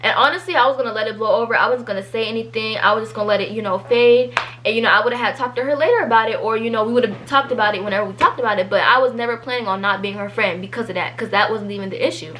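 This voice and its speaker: A teenage girl tells a storytime in a chatty, rambling way, full of fillers. Her voice sits a little high, and she gets animated whenever she quotes someone. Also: racing, slight background noise. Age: teens. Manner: chatty, filler-heavy, animated when quoting people. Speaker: vlogger telling a story. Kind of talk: casual storytime.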